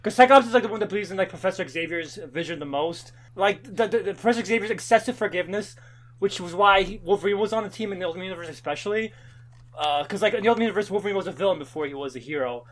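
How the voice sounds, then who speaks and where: A man talking casually about comic books with friends, quick and animated, full of filler words. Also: high-pitched. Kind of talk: casual comic book discussion.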